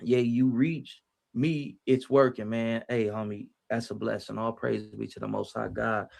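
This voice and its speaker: A man's voice: medium pitch, flat delivery, measured pace, gravelly, darkish tone. A man giving casual, preachy motivational talk on a livestream, using street slang and repeating his phrases as he reads the chat.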